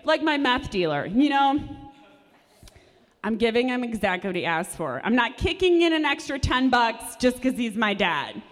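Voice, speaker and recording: A young woman with a fairly high, very lively voice works through a stand-up comedy set in a dry, sardonic way. Her voice rings with a long reverb from the live room she performs in. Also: moderate pace. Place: performance space at a live show.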